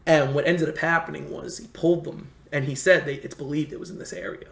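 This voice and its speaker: A man in casual conversation telling history stories in a halting way, full of restarts. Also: on the high side, fairly even intonation, creaky. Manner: rambling, halting history storyteller with many restarts. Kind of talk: casual storytelling chat. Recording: echoey room.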